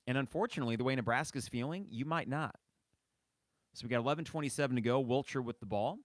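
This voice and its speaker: A man's voice: mid-range voice, fast talker, no room sound. A man in his thirties hosting a sports fan podcast, commenting in an impassioned, exasperated rant. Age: 30s. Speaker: podcast host.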